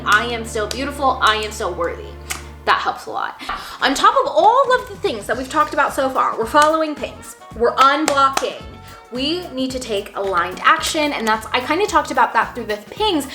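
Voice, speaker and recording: A woman's voice: a little high, sharp tone. A young woman talking casually and earnestly to camera about manifesting, with lots of "like" fillers. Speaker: manifestation vlogger. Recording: echoey room.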